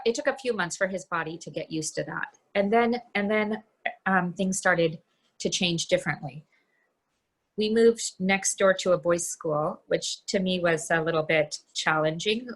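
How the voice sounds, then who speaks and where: A middle-aged woman giving a candid personal talk from her home over a video call, halting and restarting often. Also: on the low side, a bit bright. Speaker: guest speaker.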